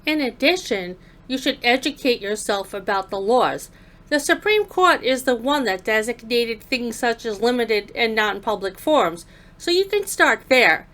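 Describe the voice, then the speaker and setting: A woman's voice: fairly high pitch, animated, unhurried, fairly bright tone. A woman giving sarcastic, scolding voice-over commentary on a video.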